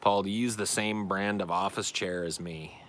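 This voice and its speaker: Bright-voiced, blunt, swearing man. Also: low voice, steady tone, normal speed, slight background noise. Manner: blunt, profane, self-deprecating. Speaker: podcast host answering chat questions. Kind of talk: casual chat.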